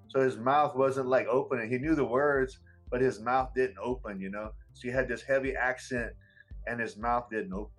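A man's voice: mid-range voice, fairly even intonation, normal speed, faint music behind, poor audio. A man from the United States, an English teacher talking casually and rambling with many fillers. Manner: rambling, frequent "you know" fillers. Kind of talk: casual conversation.

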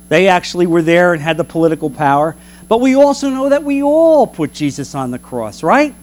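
Animated high-voiced man teaching Bible class. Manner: animated, preacherly, rhetorical questions.

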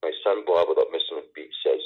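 Middle-aged male guest, extremely low and husky, halting wry storyteller, heard through a tinny phone line. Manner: halting, many restarts and fillers, wry humor. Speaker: interview guest. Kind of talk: casual storytelling conversation.

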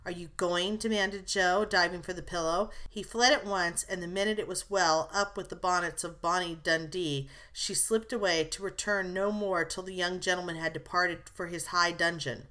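A woman narrating a classic novel as an audiobook, in a measured storytelling manner. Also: lowish voice, fairly even intonation, pushed and bright.

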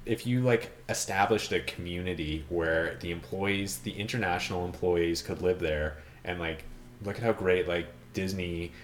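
Deep-voiced rambling man in an echoey room. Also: normal speed. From Ontario, Canada. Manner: rambling, searches for words, lots of fillers. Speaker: podcast host. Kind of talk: casual podcast chat.

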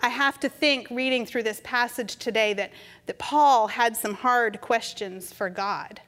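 A middle-aged woman preacher telling a story in a gentle, conversational sermon. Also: fairly high pitch, a little slow. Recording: reverberant hall.

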